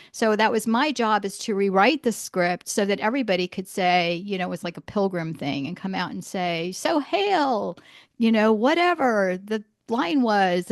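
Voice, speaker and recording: A woman hosting a podcast interview, telling lively stories and acting out quotes with frequent laughter. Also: medium pitch, dry recording, clean studio sound. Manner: animated storyteller, acts out quotes, laughs often. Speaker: podcast host. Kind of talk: casual interview chat. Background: homeschool mom.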